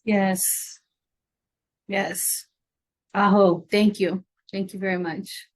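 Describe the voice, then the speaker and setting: A woman shamanic healer gently guiding a virtual group ritual over a video call, encouraging each person and answering with aho. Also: medium pitch, little pitch movement, extremely slow. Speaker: shamanic healer leading a ceremony.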